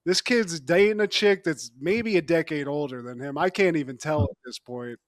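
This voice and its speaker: A man with a fairly high voice talks through a TV episode in loose, casual chat. He jokes a lot and laughs between lines. The sound is dry and close to the mic. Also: moderate pace, dry recording. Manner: jokey, laughing often, slips into mock voices. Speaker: podcast co-host.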